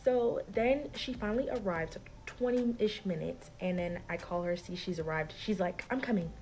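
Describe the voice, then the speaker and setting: Gravelly-voiced young woman telling a story. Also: fairly low pitch, normal speed, low-quality recording. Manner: animated, acts out quoted voices, filler-heavy "like". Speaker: storyteller recounting a personal dispute. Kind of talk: casual storytime vlog.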